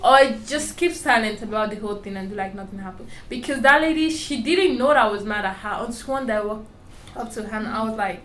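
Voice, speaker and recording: A woman's voice: mid-range voice, fast talker, fairly bright tone, a little hiss or hum. A young woman with a strong foreign accent, telling her story candidly and emphatically in an interview. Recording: roomy echo with faint ambience.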